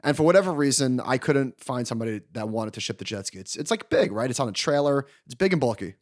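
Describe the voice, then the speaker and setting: A man in his thirties co-hosting a podcast, telling a long story in an animated, casual way and laughing along. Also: medium pitch, fast. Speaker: podcast co-host. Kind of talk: casual chat.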